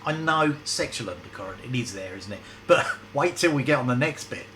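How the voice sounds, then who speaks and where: A male storyteller with a medium-pitched, slightly bright voice reads his story loosely, animated and a little fast, often breaking off for chatty asides and laughs. The audio is poor, with faint background noise behind him.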